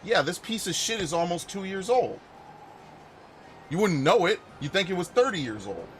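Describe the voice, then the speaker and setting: A man's voice: sits high, big pitch swings, normal speed, slight background noise. A man live-streaming a video game, ranting angrily with lots of swearing and stumbling restarts. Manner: angry profane ranting with repeated restarts. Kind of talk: live gameplay stream commentary.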